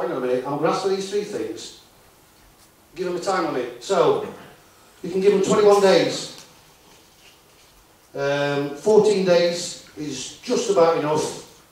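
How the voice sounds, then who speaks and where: A man's voice: on the high side, unhurried, a little mellow. A man giving a talk to a live conference audience, chatty and tossing tag questions at the room. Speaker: conference speaker. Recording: very echoey hall, voice far from mic.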